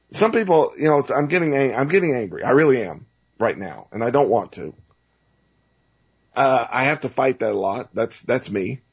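Male talk host, heated rant, husky voice, muffled lo-fi sound. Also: medium pitch. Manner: ranting, repetitive, stammering restarts.

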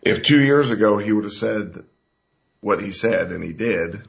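A man's voice: lowish voice, lively intonation, moderate pace, creaky. A man hosting a talk radio show, talking in an emphatic, folksy, rambling way with fillers. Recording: dull lo-fi radio recording.

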